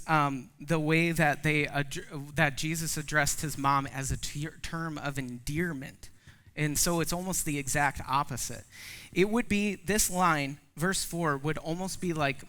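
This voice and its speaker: Male pastor, thirties, bright somewhat high voice, casual preaching that jumps into quoted voices. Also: unhurried, clean tone. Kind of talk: sermon.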